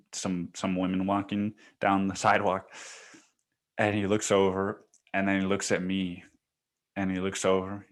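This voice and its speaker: A man hosts a solo podcast in casual storytelling mode, with a lowish voice and an unhurried pace. He swears freely, laughs often and drops "dude" into nearly every sentence. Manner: profane and laughing, peppered with "dude". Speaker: podcast host.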